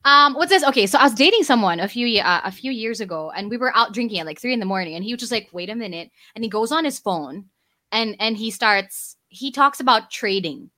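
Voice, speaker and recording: A woman hosts a relaxed conversation, her voice high and bright. She tells stories in a chatty, giggly way. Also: quick pace. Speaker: podcast host. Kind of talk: casual chat.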